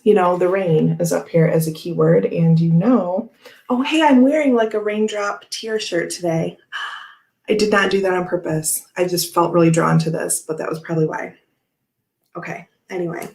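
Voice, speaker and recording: A woman's voice: fairly low pitch, vocal fry, a little mellow, reverberant. A woman hosting a casual tarot livestream, chatting and reading viewer comments aloud in a giggly, rambling way full of "like" and "okay, anyway.".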